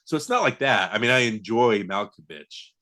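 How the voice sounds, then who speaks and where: A man's voice: fairly low pitch, animated, moderate pace, sharp tone. A man co-hosting a podcast, chatting casually about a film with many fillers, restarts and laughs. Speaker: podcast co-host. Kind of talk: casual movie chat.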